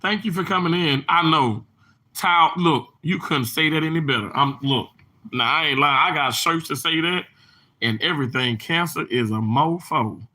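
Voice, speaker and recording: Reading comments aloud on his casual livestream, this host greets viewers by name. His voice is fairly high and sharp, his speed normal, and he rambles on at length, chatty and full of fillers and restarts.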